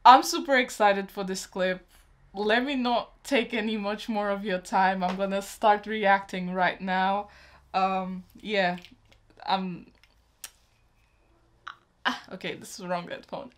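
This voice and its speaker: Gushing young woman reacting excitedly. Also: mid-range voice, measured pace, long pauses. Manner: gushing, emotional, talks to viewers as friends. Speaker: YouTube reaction host. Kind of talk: excited casual reaction vlog.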